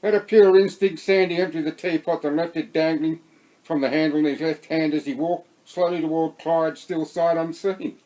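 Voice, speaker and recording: A man with an Australian accent reading his own novel aloud in a steady storytelling voice. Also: a little high, moderate pace, poor audio. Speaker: narrator.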